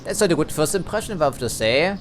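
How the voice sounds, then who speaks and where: A man's voice: fairly high pitch, lively intonation, fast talker, faint music behind. A man giving casual let's play commentary, chatty, hedging and dryly critical as he plays.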